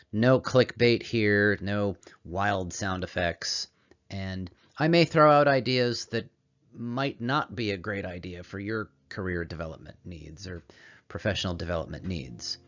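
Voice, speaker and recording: A man hosting a career coaching show, giving a calm, meditative solo presentation in a put-on radio voice. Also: fairly low pitch, moderate pace. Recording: slightly dull audio with soft background music. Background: calming music.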